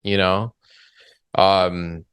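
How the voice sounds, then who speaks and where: A man co-hosting a casual film discussion, relaxed and a little hesitant as he talks. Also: low-pitched, extremely slow, clean tone, dry recording, clean studio sound. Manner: relaxed, hesitant, many fillers. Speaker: podcast co-host.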